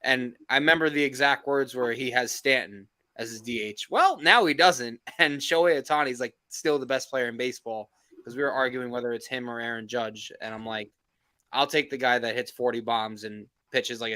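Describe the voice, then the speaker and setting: A man co-hosting a live sports call-in stream, talking in a casual, animated way, swearing and laughing often. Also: medium pitch, brisk, clean tone.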